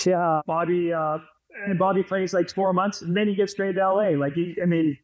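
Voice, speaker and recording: A man's voice: high voice, steady tone, moderate pace, a crowd in the background, low-quality recording. A man in his fifties, a podcast guest and former hockey player, telling long rambling stories in casual chat and laughing as he goes.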